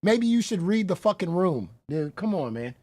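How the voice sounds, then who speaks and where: A woman's voice: lowish voice, very animated, moderate pace, darkish tone. A woman reaction streamer talking bluntly and incredulously in casual commentary, swearing and laughing often.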